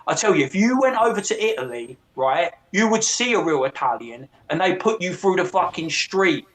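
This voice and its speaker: In casual chat, a man tells stories laced with heavy swearing and mimics other people's voices. His voice is high, at normal speed, with hardly any pauses, and he's an animated, profane storyteller.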